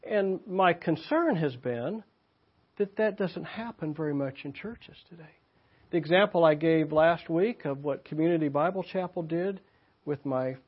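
A man's voice: on the high side, slightly rough. An older man giving a sermon in a church, teaching in a conversational way and asking the congregation questions. His voice sounds slightly muffled. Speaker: pastor. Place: church meeting room.

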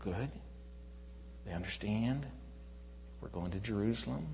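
A male pastor preaching a sermon in a church, telling the story with animated swings from loud to hushed. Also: on the low side, unhurried, vocal fry, big-room sound, a little hiss or hum, rough recording.

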